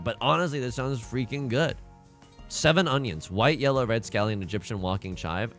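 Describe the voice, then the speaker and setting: Animated, lively male streamer. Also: medium pitch. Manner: animated, joking, rambling. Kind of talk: casual gaming livestream chat.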